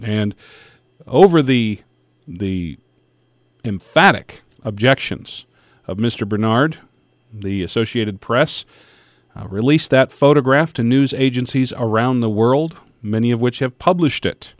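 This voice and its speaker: A man hosting a radio talk show, speaking in a measured, deliberate way with careful pauses. His voice sits at an ordinary middle pitch for a man. The studio sound is dry and close. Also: expressive, no room sound. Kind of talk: scripted radio hosting and interviewing. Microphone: studio microphone.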